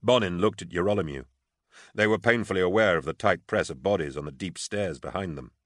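Deep male narrator, measured, dry studio read. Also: a bit bright, no room sound. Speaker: audiobook narrator. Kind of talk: scripted narration.

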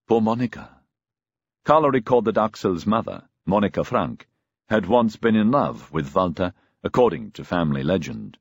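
A man's voice: low-pitched, big pitch swings, moderate pace, creaky, no echo, lo-fi sound. A man narrating a novel as an audiobook, telling the story expressively.

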